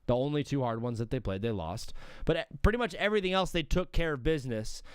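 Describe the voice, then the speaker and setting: A man's voice: medium pitch, lively intonation, fast talker, clean tone, no echo, clean studio sound. A young man hosting a live sports show, rambling casually and interrupting himself as he ranks teams. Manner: rambling, self-interrupting, talks to himself while working. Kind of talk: casual live-stream commentary.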